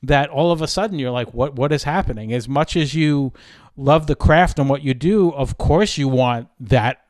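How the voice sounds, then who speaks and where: A man's voice: mid-range voice, moderate pace, darkish tone, dry recording. Easygoing male podcast host, dry sound. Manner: easygoing, affirming, rambles into questions. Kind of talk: interview.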